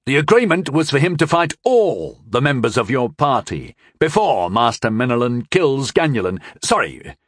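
A man's voice: mid-range voice, big pitch swings, moderate pace, no room sound, studio quality. A man voicing a cheerful, cocky young warrior who banters. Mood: stiff.

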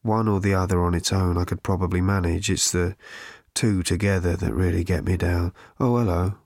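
A man voicing an ancient, depressed male robot that talks in a slow, croaking, hollow rattle full of self-pity. The reading is an audiobook. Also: sits low, fairly even intonation, darkish tone, dry recording, studio quality, pitched below the performer's own voice. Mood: mournful. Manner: slow, mournful, self-pitying drawl.

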